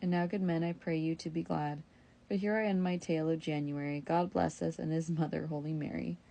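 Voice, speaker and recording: A woman reading an old verse tale aloud in a steady, measured storytelling manner. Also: low-pitched, creaky. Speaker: reader.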